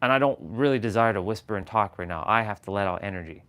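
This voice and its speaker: A man hosting a casual motivational livestream from home, speaking candidly and a bit low on energy, rambling through restarts. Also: fast talker, a bit bright. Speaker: livestream host. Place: at home, downstairs. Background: tuning fork tones.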